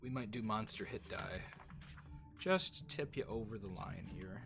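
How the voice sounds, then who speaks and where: A man running a tabletop game as dungeon master, talking casually and haltingly with frequent ums. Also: lowish voice, creaky, over music. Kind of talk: tabletop game session chat.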